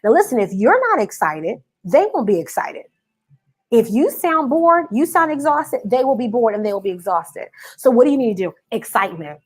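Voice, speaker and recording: A woman with a fairly high, slightly breathy voice coaches business owners on a live stream at a moderate pace. She's full of energy, repeating her points for emphasis and constantly prompting viewers to respond.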